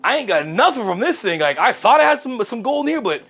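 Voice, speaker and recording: A man's voice: extremely high pitch, sing-song, fast, a bit bright, breathy edge, heavily acted. A man voicing a slangy, exasperated male worker who keeps complaining about his lot. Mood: griping. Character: grumbling male worker stuck with coal.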